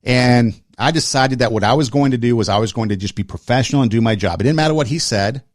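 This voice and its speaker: A fast-talking podcast host with a medium-pitched voice recounts a personal story in clean studio sound, free of room noise. Casual but earnest, he repeats phrases for emphasis and talks in brief, list-style bursts.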